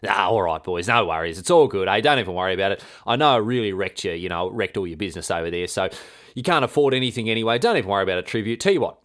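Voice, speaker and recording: A man's voice: on the low side, expressive, racing, fairly bright tone, voice pushed down. A man voicing a scheming, vengeful medieval queen in casual slang, offhand and blokey. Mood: breezy, scheming.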